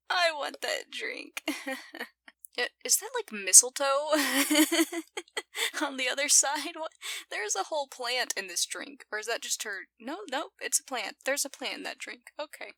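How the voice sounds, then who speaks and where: A woman's voice: sits high, animated, slow pace, gravelly, long pauses, sharp tone, no echo. A woman with an accent giving casual reaction commentary to a TV episode, playfully giggling and talking back to the screen. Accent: non-standard English accent. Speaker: video reactor.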